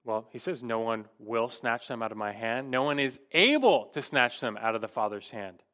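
A man's voice: medium pitch, expressive, moderate pace, fairly bright tone. A man preaching an expository sermon, emphatic and full of rhetorical questions. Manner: emphatic, rhetorical questions, rising to stress key words.

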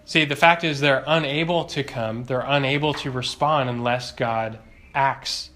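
A man's voice: medium pitch, fairly even intonation, a little slow, pushed and bright, a little hiss or hum. A man teaching a doctrinal Bible lesson, emphatic, asking rhetorical questions and repeating key phrases.

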